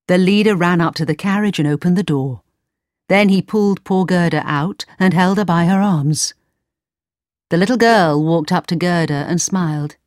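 A woman narrating a storybook in slow, clear, simple sentences. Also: lowish voice, a little mellow, no echo, studio quality.

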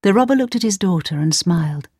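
A woman narrating a storybook in slow, clear, simple sentences. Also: lowish voice, expressive, a little mellow, no room sound, studio quality.

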